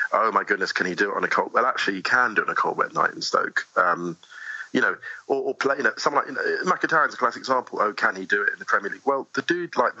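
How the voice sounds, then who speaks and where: A man talking as a podcast guest, animated and chatty with many asides, in a dull lo-fi remote recording. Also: fairly low pitch, no echo. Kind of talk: casual interview conversation.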